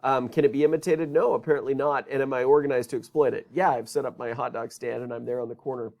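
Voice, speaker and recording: A man's voice: mid-range voice, fairly even intonation, fast talker, gravelly, a little mellow. A man teaching a business course in a recorded lecture, talking conversationally and asking rhetorical questions.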